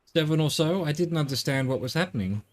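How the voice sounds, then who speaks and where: A man's voice: on the high side, expressive, fast, natural voice. A man voicing a caring grown daughter, reading game dialogue aloud in an earnest, plain way. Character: caring grown daughter, protective of her father.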